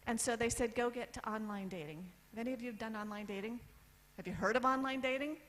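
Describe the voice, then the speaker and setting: A woman in her fifties from the United States telling a personal story on stage, candid, with lists and pauses for effect. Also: on the high side, a bit bright, low-quality recording. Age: 50s. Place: event stage.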